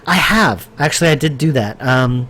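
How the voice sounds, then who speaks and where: This male game developer sounds animated, pushed and bright, his medium-pitched voice moving at a moderate pace. He casually narrates his work on a live stream, rambling with fillers and restarts and answering chat, with slight background noise behind him.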